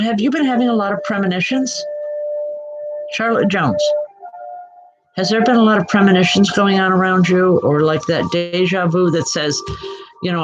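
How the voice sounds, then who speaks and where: A woman working as a spiritual medium, giving live online readings in a gentle, halting way and addressing viewers by name. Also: fairly low pitch. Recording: muffled lo-fi audio with music behind.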